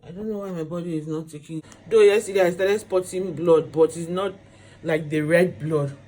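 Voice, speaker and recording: A woman's voice: fairly low pitch, steady tone, normal speed, dark tone. Tired pregnant woman rambling in hospital. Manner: rambling and repetitive, circling back to the same phrases. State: tired, pregnant patient awaiting labor. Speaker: vlogger. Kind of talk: casual chat to camera. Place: hospital room.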